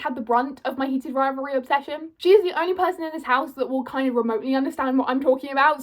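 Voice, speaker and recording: A twenty-year-old British woman rambling excitedly to camera as a fan, gushing and full of fillers. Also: high voice. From Britain. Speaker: vlogger.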